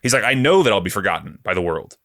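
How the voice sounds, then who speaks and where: A man hosting a comedy podcast, gushing in an excited, profane, rambling way. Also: lowish voice, quick pace, dry recording, studio quality. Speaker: podcast host. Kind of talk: casual comedic chat.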